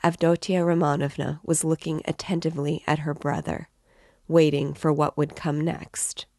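A woman reading a novel aloud as narrator, in a measured, steady way. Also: low voice, dry recording, studio quality. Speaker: reader.

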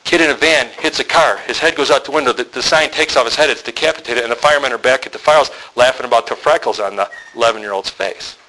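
A man gives a sermon to other men in a storytelling way, candid and often joking. His voice is bright and forceful at a middle pitch. He acts out the people he quotes. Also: quick pace, few pauses, poor audio. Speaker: men's ministry speaker.

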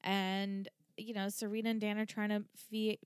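A woman's voice: medium pitch, flat delivery, moderate pace, clear, resonant tone, dry recording, studio quality. A woman co-hosting a podcast, chatting casually and acting out characters' lines as she recaps an episode. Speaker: podcast co-host.

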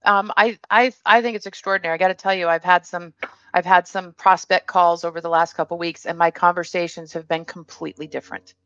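A woman hosting a show, chatting in a relaxed and agreeable way with her guest. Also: fairly low pitch, brisk, no room sound, lo-fi sound. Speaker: show host. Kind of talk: casual interview chat.

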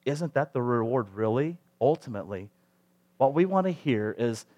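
A male preacher delivering a sermon in a relaxed, conversational tone. His voice sits in an ordinary middle pitch, and he leans on rhetorical questions to draw listeners in. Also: normal speed.

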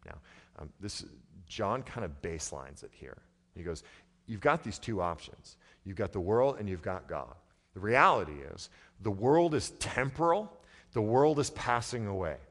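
A male pastor whose voice is somewhat low gives a conversational sermon at a moderate pace, with big swings in pitch. He falls quiet, then rises into loud, emphatic stretches, all carrying the long reverb of a church sanctuary.

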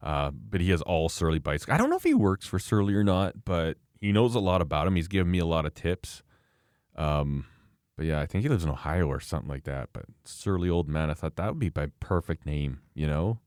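A middle-aged man co-hosting a casual podcast, his voice low and richly varied in pitch as he spins stories and laughs often. The recording is dry and close, with no room sound. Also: fairly quick, dry recording. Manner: animated, laughing storyteller. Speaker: podcast co-host. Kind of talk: casual chat.

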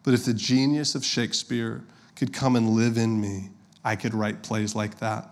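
A man's voice: lowish voice, level tone, moderate pace. A man, preaching a sermon as a pastor in a conversational, storytelling way and addressing the congregation directly.

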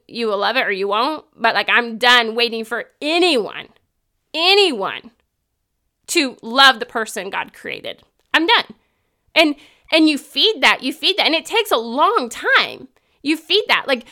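A woman's voice: fairly high pitch, pushed and bright. A woman in her thirties giving an earnest, emphatic faith-based talk, acting out inner thoughts in quoted voices. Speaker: Christian speaker.

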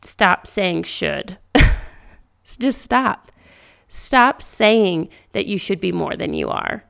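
Slow, gravelly-voiced woman podcast host. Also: medium pitch, expressive. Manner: gentle, reassuring, repeats key phrases. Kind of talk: faith-based encouragement talk.

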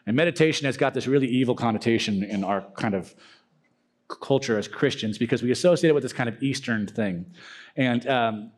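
A man's voice: mid-range voice, brisk. A young man giving a casual, joking talk to a youth group, acting out silly prayer voices.

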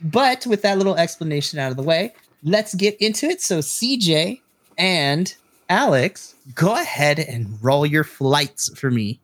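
A man's voice: fairly high pitch, lively intonation, unhurried, a bit bright, dry recording. Male GM, talkative and giggly, explains rules at length; dry booth sound. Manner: chatty, laughing often, explaining rulings. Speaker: game master. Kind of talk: running a tabletop game.

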